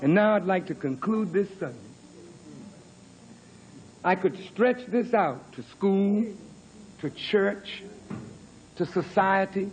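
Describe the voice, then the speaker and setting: In a church hall, a minister in his fifties delivers a dramatic sermon, mock-crooning quoted lovers in sing-song, mocking asides. He speaks slowly in a high voice and pauses often, with slight background noise.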